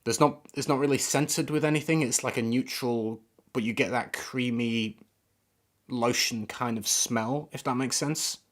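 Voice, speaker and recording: A fragrance reviewer on a live stream offers casual, rambling first impressions, often hunting for the right word. His medium-pitched voice is unhurried, with fairly even intonation.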